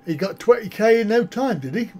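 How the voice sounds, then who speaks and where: A man's voice: high voice, animated, a little fast, darkish tone. A man on a casual live stream, answering viewer comments in a rambling, self-mocking way. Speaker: travel vlogger answering live chat.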